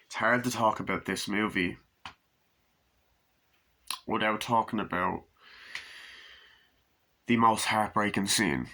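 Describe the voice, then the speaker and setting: Bright-voiced man ranting about a film. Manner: rambling, profane, acts out scenes in high put-on voices. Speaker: movie reviewer. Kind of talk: casual spoken movie review. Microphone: camera mic.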